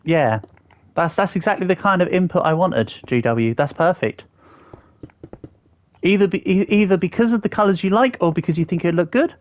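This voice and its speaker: Building on a live stream, a thirty-something man from England talks casually and replies to his viewers' comments. His voice is high-pitched at a normal speed, and the recording has no room sound and cut-off highs.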